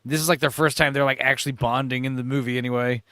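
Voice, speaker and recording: A man's voice: medium pitch, steady tone, quick pace, pushed and bright, dry recording, clean studio sound. A young man casually recapping a movie, acting out the characters' lines in put-on voices and laughing often. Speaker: podcast co-host.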